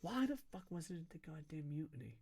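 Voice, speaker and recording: A man co-hosting a casual sports podcast, ranting with lots of swearing and swinging between loud shouts and low mutters. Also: a little fast, creaky, crowd noise. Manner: profane, excitable ranting. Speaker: podcast co-host.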